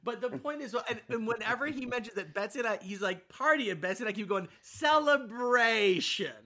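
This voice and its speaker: Bright-voiced man telling animated stories. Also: sits high, fast. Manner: animated storyteller acting out his kid. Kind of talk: casual chat.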